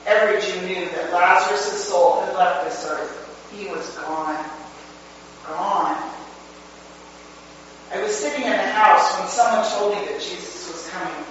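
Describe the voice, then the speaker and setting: A woman's voice: lowish voice, measured pace, long pauses, lightly acted. A woman performing a first-person dramatic monologue as a grieving sister, telling it in an earnest, heartfelt way. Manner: earnest, heartfelt storytelling with emotional swings. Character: grieving adult woman, a sister recalling her brother's return. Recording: echoey hall from far off, dull, faint hum.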